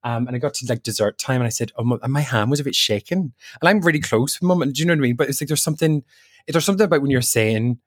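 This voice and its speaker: An Irish man, a podcast co-host, telling an animated personal story, acting out what others said and laughing as he goes. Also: mid-range voice, rapid-fire, breathy edge. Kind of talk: casual chat, personal storytelling.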